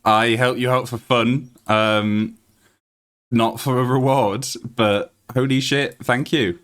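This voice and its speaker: A British man live-streaming a game, excitable and laughing often, swearing freely while he plays and talks to viewers. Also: mid-range voice, slow.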